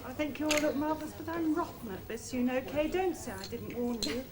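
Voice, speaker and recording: A woman's voice: high voice, brisk, crowd noise, close to an everyday voice. An actress playing a chatty, self-doubting young woman at a party in a televised stage drama.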